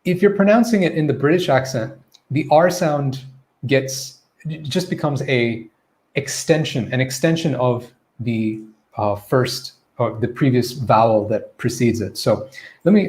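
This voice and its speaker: A man's voice: mid-range voice, expressive, normal speed, a little mellow. A man teaching pronunciation in a live online Q&A lesson, modeling vowel sounds and checking in often with "okay?" and "right?".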